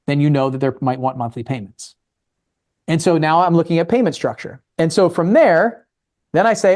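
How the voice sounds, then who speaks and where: A man's voice: on the high side, fairly quick, a little mellow. A man from Maryland giving a casual real estate talk, acting out both sides of conversations with investors. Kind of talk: casual talk with acted dialogue.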